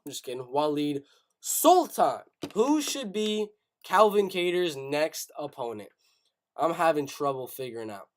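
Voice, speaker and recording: A man's voice: a little high, big pitch swings, a little slow. A young man hosting a live stream, thinking aloud and often repeating himself as he stammers through ideas. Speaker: host.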